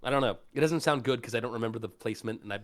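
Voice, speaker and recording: A man's voice: medium pitch, racing. Rambling man, voice actor on a podcast. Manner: loose, rambling, heavy on fillers, demonstrates voices. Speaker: guest voice actor. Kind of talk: casual podcast chat.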